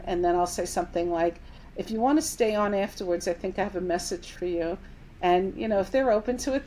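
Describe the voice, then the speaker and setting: Animated woman telling a story. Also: mid-range voice, a little hiss or hum, rough recording. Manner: animated storyteller, acts out quoted dialogue. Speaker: medium and company CEO, podcast guest. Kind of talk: casual interview storytelling.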